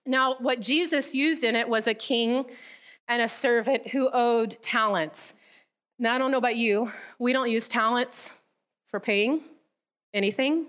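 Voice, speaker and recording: Animated woman preaching a sermon. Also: fairly high pitch, measured pace. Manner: animated storytelling, acting out the characters. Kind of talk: casual sermon.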